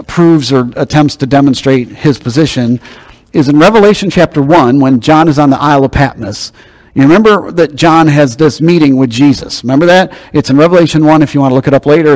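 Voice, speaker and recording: A man's voice: medium pitch, darkish tone. A man preaching a sermon, teaching in a conversational, emphatic way. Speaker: pastor.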